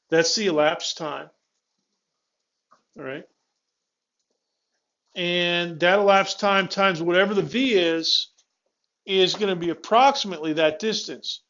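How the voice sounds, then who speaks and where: A man with a high voice teaches a physics class in a classroom. He walks students through each step, stops himself mid-word to restart, and keeps checking in with questions. The recording is dull and lo-fi. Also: a bit bright. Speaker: physics instructor. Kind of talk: classroom lecture.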